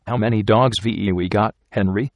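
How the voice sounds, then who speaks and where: A man voicing a weary, uneasy frontier trail driver who talks in rough backwoods dialect, grave and insistent. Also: lowish voice, fairly even intonation, normal speed, dry recording, studio quality, natural voice.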